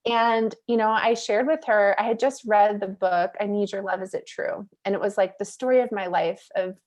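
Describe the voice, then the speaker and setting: A woman speaking as a podcast guest, recounting her own experience in a lively, conversational flow. Her talk is loose and candid, sprinkled with "like" and "you know". She laughs readily between thoughts, in a voice of ordinary middle pitch. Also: moderate pace. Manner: animated, chatty, peppered with "like" and "you know"; laughs easily while telling stories. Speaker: guest, mindset coach and facilitator. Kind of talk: candid personal storytelling in a podcast interview.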